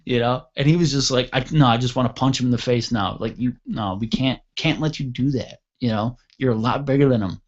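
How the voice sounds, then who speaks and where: A man hosting an internet radio talk show, telling a story casually and acting out the quoted voices with loud, lively bursts. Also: mid-range voice, a little fast, hardly any pauses. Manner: animated, acts out quoted voices loudly. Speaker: podcast host. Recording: dull lo-fi audio.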